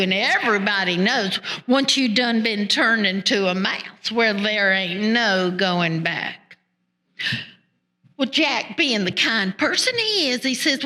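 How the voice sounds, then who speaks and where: A woman's voice: fairly high pitch, lively intonation, takes it slowly, sharp tone. A woman storyteller telling a folk tale in a folksy, conversational way with rural turns of speech.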